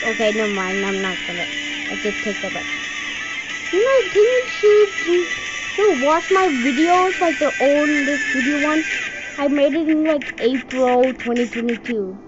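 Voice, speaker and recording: A high-pitched woman from India talks through a video game in excitable let's-play commentary, letting out yelps and exclamations as she plays. The audio is dull and lo-fi, and game music plays loudly underneath her voice. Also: a little slow. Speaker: gaming channel host.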